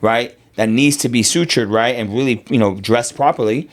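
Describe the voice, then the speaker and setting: A man's voice: medium pitch, moderate pace. A man who coaches fitness and owns a gym, talking reflectively in a casual podcast conversation and often tagging his points with "right?". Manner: reflective, tags statements with "right?".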